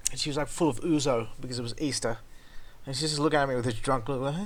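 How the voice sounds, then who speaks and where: Aussie guy vlogging, swears heaps, gets loud then mumbles, mid pitch voice. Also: fast. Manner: profane, animated, swings between loud outbursts and mutters. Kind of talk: casual storytelling rant.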